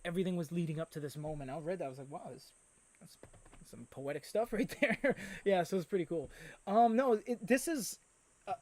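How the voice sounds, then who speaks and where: A Canadian livestream host with a high voice chats casually and excitedly, reading viewer comments aloud. There's no room sound on the recording.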